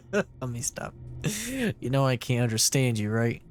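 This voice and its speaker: Gravelly-voiced man reading game lines. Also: mid-range voice, steady tone, a little hiss or hum. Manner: slow and subdued when reading, with playful asides. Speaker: let's play streamer. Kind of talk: reading game dialogue aloud while playing.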